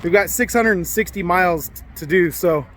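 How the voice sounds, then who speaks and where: A man's voice: high voice, moderate pace, a bit bright. A man vlogging casually to camera as he walks around a small mountain town, joking and rambling with lots of fillers. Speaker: trucking vlogger. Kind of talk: casual vlog chat to camera.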